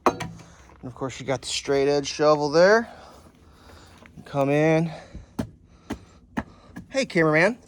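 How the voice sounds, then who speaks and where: A man with a voice on the high side speaks expressively and slowly, leaving long pauses against a noisy background. He's a home builder narrating a casual how-to vlog at an outdoor building site, digging and scraping as he talks bluntly, jokes around and swears freely. It's recorded on a handheld camera, some of which he films one-handed himself.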